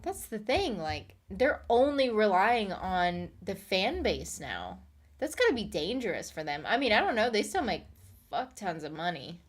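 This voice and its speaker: A woman's voice: medium pitch, very animated, unhurried, breathy edge. A woman streaming from her home office, chatting casually and answering her chat in a rambling way.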